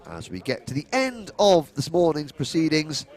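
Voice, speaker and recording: A man with a fairly high voice and a moderate pace delivers live commentary on a karting race. He rattles off positions and names, building excitement toward the finish.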